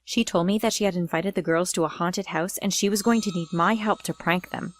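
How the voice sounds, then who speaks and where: A woman's voice: lowish voice, fairly even intonation, fairly quick. A young woman giving a dramatic first-person storytime narration. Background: faint music.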